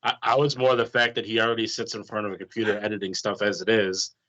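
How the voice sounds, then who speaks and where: A man's voice: fairly low pitch, level tone, fast, a bit bright. A man teases his co-hosts in a casual podcast group chat and laughs a lot. His audio sounds dull and lo-fi. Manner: teasing, laughs often. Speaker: podcast co-host.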